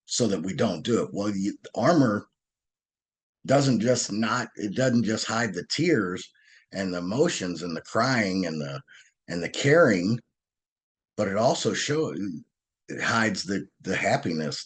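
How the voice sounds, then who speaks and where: A man telling stories as a podcast guest, earnest and animated, often restarting his sentences. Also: low-pitched, husky. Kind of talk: conversational storytelling.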